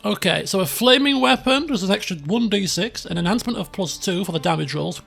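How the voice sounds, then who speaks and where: A man giving casual, chatty, excitable gameplay commentary as a let's play host at a desk microphone. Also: high-pitched, brisk, creaky, few pauses, husky, soft background music. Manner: chatty, excitable, self-mocking.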